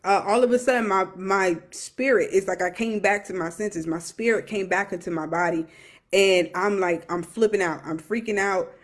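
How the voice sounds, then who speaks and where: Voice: mid-range voice, moderate pace. A young adult minister giving an emotional personal testimony, earnest and repetitive, with many fillers and restarts.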